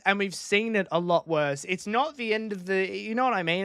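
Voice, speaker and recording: A man's voice: high-pitched, a bit bright, smooth, no echo, studio quality. Chatty man calling a race live. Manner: chatty, repeats himself, quick reactions. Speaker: live race watchalong streamer. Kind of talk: casual live commentary. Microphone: desk microphone.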